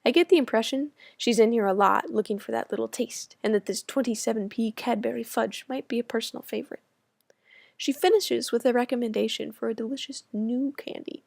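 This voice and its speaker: A woman's voice: a little high, a little fast, gravelly, darkish tone, dry recording. A young American woman from the States reading her own personal essay aloud with wry, self-mocking humor. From United States. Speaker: student writer.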